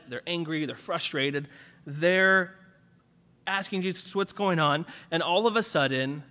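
Male preacher, conversational sermon, filler-heavy, upper-pitched, reverberant hall. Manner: casual, animated, many fillers.

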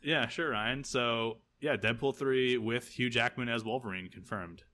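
A man's voice: medium pitch, a little slow, bright, forceful tone. A man co-hosting a casual podcast chat, rambling with lots of fillers and laughing often. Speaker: podcast co-host.

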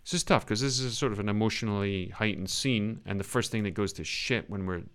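A British acting coach giving a scene critique in class. His voice sits fairly low, and he talks in an animated, emphatic way, often acting lines out to make a point. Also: brisk. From Britain.

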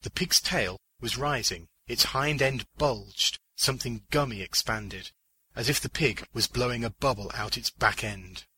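A man reads fiction aloud in a measured, deliberate way, with a husky voice and a strikingly bright tone. His delivery is slow and low-pitched. The sound is dry and close to the mic. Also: no echo, poor audio. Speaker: narrator. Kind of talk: scripted audiobook narration of fiction.

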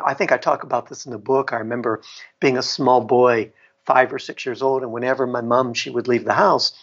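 Middle-aged man, husky voice, reflective storyteller, laughs now and then, dull lo-fi recording. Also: medium pitch, fairly bright tone. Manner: reflective, laughs often, restarts sentences. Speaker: author and guest. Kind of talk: storytelling in a podcast interview. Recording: dull lo-fi sound.

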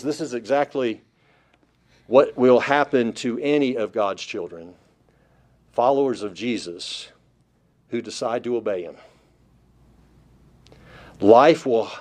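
A man's voice: medium pitch, expressive, takes it slowly, long pauses, a little mellow. A man preaching a Bible-study sermon, emphatic, with rhetorical questions put to listeners. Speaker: pastor.

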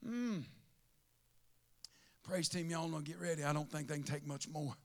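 A man preaching a sermon with speech, swinging between impassioned shouting and quiet, intimate asides. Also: fairly high pitch, normal speed. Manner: impassioned, shouting at peaks, then dropping to a murmur.

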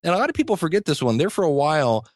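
A man's voice: on the high side, sing-song, racing, no room sound, clean studio sound. Enthusiastic man, rambling guest. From United States. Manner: rambling and enthusiastic, many restarts and chuckles. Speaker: podcasting teacher, guest. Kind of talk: conversational interview.

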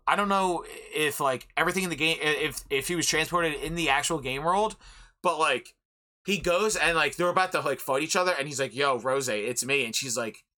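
A young man hosting a podcast, chatting casually and rambling excitably about an anime, swearing freely. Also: a little high. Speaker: podcast host. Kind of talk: casual anime review chat.

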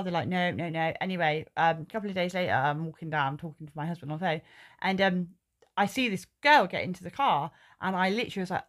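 A woman's voice: fairly low pitch, fast talker. A woman, a podcast co-host telling stories in casual chat, swearing freely. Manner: swears a lot, tells stories animatedly.

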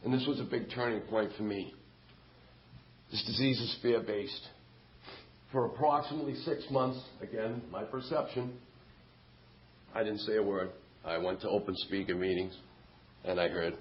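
A man's voice: lowish voice, fairly even intonation, moderate pace, pauses often, muffled recording, slight background noise. A middle-aged man telling his story at a recovery meeting, candid and self-mocking. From Massachusetts, USA. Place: meeting hall.

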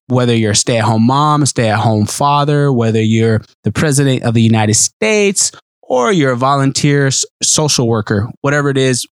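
A man's voice: medium pitch, no echo, clean studio sound. A man hosting his own podcast, hyped and sing-song, repeating himself as he chats. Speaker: podcast host. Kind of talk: casual podcast chat.

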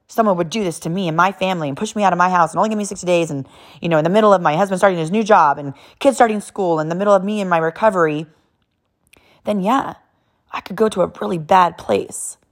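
A woman in her thirties from Southern California, telling a personal story in a candid, emotional way, often restarting her sentences. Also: on the low side. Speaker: vlogger sharing a personal story. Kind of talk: candid personal faith talk.

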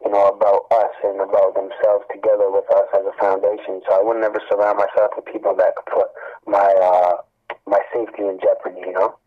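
A man speaking in a low voice in an easygoing, slangy way, a rapper being interviewed. The sound comes over a thin, tinny line, like a phone call. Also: fairly quick. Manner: relaxed, slangy, says "man" a lot. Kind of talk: casual interview talk.

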